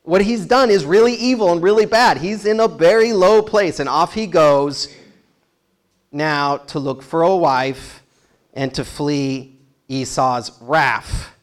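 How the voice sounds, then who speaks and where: Man, slightly high voice, animated storytelling sermon with chuckles and asides. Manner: lively storytelling with laughs and asides. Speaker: pastor.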